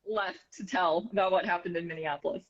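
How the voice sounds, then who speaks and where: Appearing as an interview guest, a US news reporter and author recounts a story with animation, talking fast and filling gaps with plenty of fillers. Her voice is on the low side, in a somewhat muffled, dull recording.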